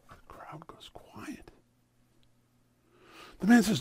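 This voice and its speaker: A man telling a story aloud in an animated, dramatic way. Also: high voice, slow, creaky, long pauses, breathy edge. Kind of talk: oral storytelling.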